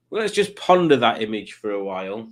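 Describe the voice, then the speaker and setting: A man's voice: fairly low pitch, sing-song, normal speed. A man hosting a casual live quiz stream, rambling along with jokey, self-mocking asides. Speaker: quiz show host.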